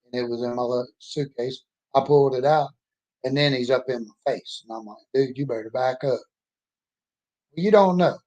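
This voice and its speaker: A man's voice: mid-range voice, fairly quick, darkish tone. Man in his sixties, folksy, rambling, plainspoken storyteller. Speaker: storyteller introducing himself. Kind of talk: casual personal storytelling.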